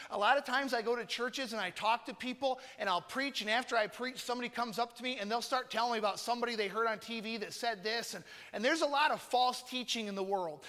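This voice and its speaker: A man's voice: very high-pitched, quick pace, few pauses, pushed and bright. A man preaching a conversational sermon with casual joking asides and emphatic points, in a church. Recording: long reverb in a large hall.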